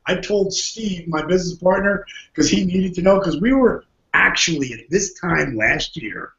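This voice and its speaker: With a notably high, fairly bright voice, a man on a podcast as a guest spins an animated tale at a moderate pace, expressive and often laughing as he voices the other characters. The sound is dull, lo-fi, and echoey, as if in a roomy space.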